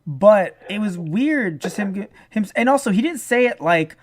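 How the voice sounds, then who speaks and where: A man's voice: sits high, expressive, unhurried. A man co-hosting a casual review podcast, his medium voice rising and falling a lot as he acts out the lines he quotes. He swears freely and keeps restarting his thoughts. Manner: profane. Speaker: podcast co-host.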